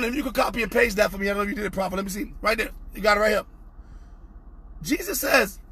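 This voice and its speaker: High husky man preaching fervently. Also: fast. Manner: fervent, repetitive, often shouting. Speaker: pastor. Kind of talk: impassioned online sermon.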